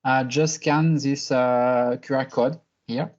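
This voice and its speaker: A man's voice: mid-range voice, fairly even intonation, slow. A man from France giving an online conference talk, hesitant and full of fillers. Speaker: conference presenter. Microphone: video call. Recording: slightly muffled online call.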